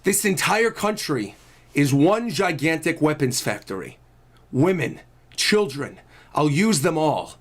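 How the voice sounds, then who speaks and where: A man doing a slow, low tyrant dragon warlord. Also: sing-song. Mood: tyrannical. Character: huge menacing male dragon warlord, tyrannical. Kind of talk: reading manga lines aloud in character.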